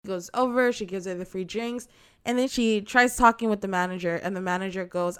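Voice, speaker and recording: A woman's voice: medium pitch, fairly quick, clean tone. A young woman in casual chat, animatedly telling a story and acting out the people in it. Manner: animated storytelling, acts out quoted customers.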